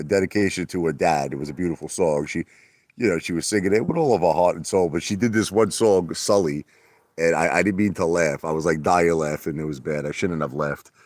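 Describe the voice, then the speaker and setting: A man chatting casually on a livestream, rambling and boastful, sometimes laughing and putting on a mock falsetto. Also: fairly quick, no echo. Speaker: livestream host. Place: outdoor hot tub at night.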